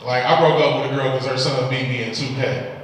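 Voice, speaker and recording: A man's voice: medium pitch, steady tone, fairly quick, distant mic, heavy background noise. A young man from Detroit with a Detroit accent, telling loose stand-up stories with exasperated quoted voices. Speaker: stand-up comedian. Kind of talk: stand-up set. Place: live comedy club stage. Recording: echoey hall recorded from afar. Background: audience laughter.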